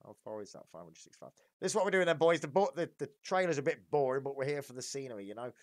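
A man's voice: medium pitch, animated, racing, no room sound, studio quality. A man casually chatting to viewers while streaming a truck driving game, swearing freely. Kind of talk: live-stream gameplay chat. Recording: loud game engine noise behind.

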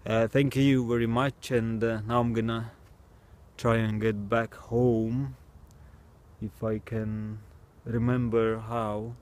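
Slow, mellow-voiced man musing outdoors. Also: medium pitch, little pitch movement. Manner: hesitant, wondering, with bursts of mooing, barking and meowing. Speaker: vlogger. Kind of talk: casual experiment commentary. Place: outdoors at night.

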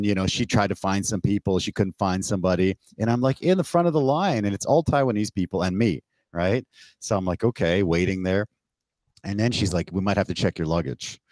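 A man from Canada tells stories over a remote call in a very deep voice, close and dry with no room sound. He talks casually and lets his voice jump up when he acts out what people said to him, swearing along the way. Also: no room sound. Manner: animated, swears, acts out quoted exchanges with rising pitch. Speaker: podcast guest. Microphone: remote call mic.

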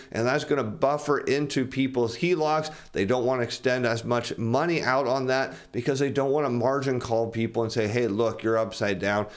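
A man giving casual financial commentary as he walks through charts, explaining them to viewers he calls his friends and acting out what bankers and borrowers would say. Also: medium pitch. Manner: acts out bankers and borrowers in quoted asides.

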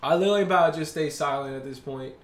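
A man's voice: a little high, very fast, a little hiss or hum. A man doing video game pack opening commentary, ranting in exasperation with frequent groans and sighs. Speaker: gaming video creator. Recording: roomy echoey recording.

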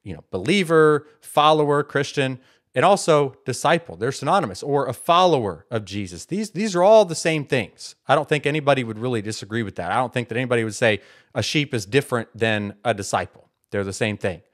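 A man's voice: medium pitch, expressive, fairly quick. A man hosting a Bible teaching video, arguing his point emphatically and repeating words for stress. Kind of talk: casual apologetics monologue.

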